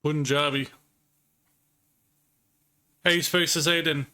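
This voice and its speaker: A man's voice: on the high side, steady tone, measured pace, pauses often, pushed and bright. A man streaming a card game live, chatting casually with viewers and swearing now and then. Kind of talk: live-stream gaming commentary.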